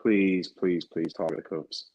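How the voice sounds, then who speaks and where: A man's voice: deep voice, fairly even intonation, a little slow, a little mellow, poor audio. A man co-hosting a live football fan watchalong, confidently rattling off his predictions for the season. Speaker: fan channel co-host. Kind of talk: live match watchalong chat.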